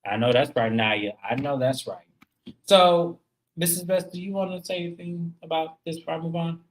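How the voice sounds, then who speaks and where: A woman's voice: low voice, normal speed, slight background noise, poor audio. A woman hosting a reality TV recap in casual commentary, blunt and emphatic, cursing freely and talking straight to her viewers.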